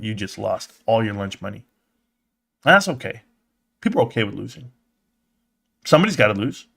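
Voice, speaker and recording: A man hosting a live stream in casual, excitable chat, talking straight to his viewers and swearing now and then. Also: mid-range voice. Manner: excitable, swears casually, acts out quoted voices.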